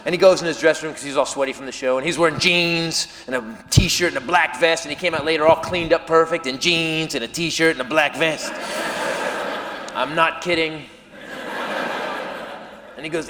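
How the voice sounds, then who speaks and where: A stand-up comedian telling a story on a live stage, loud and animated, dropping to mumbled self-talk. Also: male voice, a little high, moderate pace. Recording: live hall reverb with audience noise.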